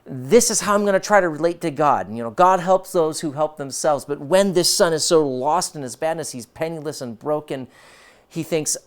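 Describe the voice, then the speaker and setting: A male pastor preaching a sermon, emphatic and moving between quiet and forceful delivery. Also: fairly high pitch, normal speed. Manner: emphatic, shifts between soft and loud.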